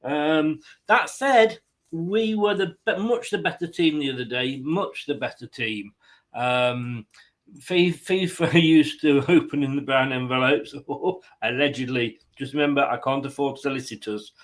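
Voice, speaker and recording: A man's voice: mid-range voice, measured pace. A man hosting a fan live stream, chatting casually and rambling with jokey asides. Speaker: fan channel host.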